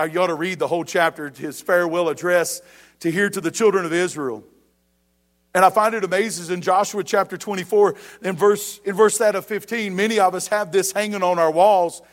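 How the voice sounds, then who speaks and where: A middle-aged man, a pastor preaching a sermon to his church, growing loud and emphatic on repeated questions. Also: sits high.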